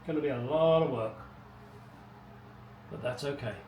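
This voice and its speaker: A middle-aged man's mid-range, slightly mellow voice moves at normal speed as he narrates his car restoration, wry and casual, rambling with muttered asides. He's in his home garage, and the audio is echoey and distant, with background noise.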